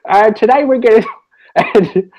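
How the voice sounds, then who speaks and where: A man putting on a shrill mock TV presenter. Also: measured pace, a little mellow, rough recording. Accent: Australian. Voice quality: raised, exaggerated falsetto-like pitch.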